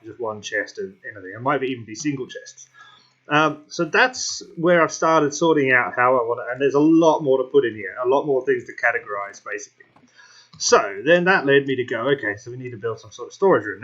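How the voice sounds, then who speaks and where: A man giving casual gameplay commentary, thinking aloud with many fillers and pauses while hiccuping. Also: mid-range voice, fairly bright tone, highs cut off.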